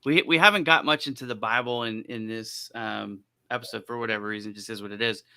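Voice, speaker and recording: A man hosting a panel discussion, joking and telling animated stories with quoted voices. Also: on the low side, brisk, gravelly, smooth. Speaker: panel host.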